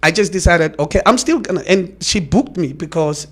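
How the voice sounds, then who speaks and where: A man, a comedian co-hosting a casual studio chat and telling stories in an animated way. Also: sits high, normal speed, slightly rough. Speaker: radio show co-host and comedian.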